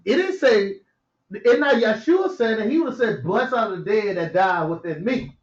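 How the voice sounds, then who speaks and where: Speaking like a preacher, this man slowly reads scripture verses, then unpacks them in a relaxed, chatty way while frequently laughing quietly to himself. His voice is high with lively intonation, captured in roomy, dull lo-fi audio.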